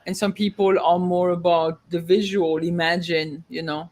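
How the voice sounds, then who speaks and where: A real estate agent in a casual podcast chat, talking quickly in loose run-on sentences and acting out what clients say. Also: medium pitch, fairly even intonation, a little mellow. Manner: rapid, rambling, acts out clients' lines.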